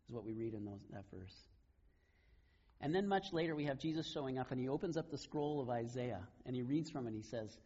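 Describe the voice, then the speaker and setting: A man preaching a sermon, retelling scripture stories in a relaxed, conversational way. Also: mid-range voice, fairly quick, slightly rough, dull audio. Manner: conversational storytelling, casual paraphrase of scripture. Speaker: pastor.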